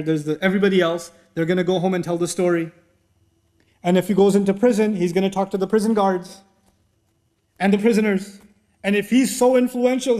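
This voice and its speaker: A man's voice: high voice, darkish tone. A man giving a sermon lecture, retelling a story animatedly with rhetorical questions. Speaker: Islamic speaker.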